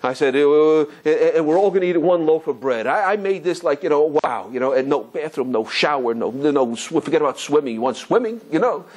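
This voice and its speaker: A middle-aged rabbi tells a story at a rapid clip, his voice sitting a little high for a man. He talks in an animated, stop-and-start way, slipping into other people's voices as he goes. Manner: animated, full of restarts, acts out kids' voices. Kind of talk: storytelling talk.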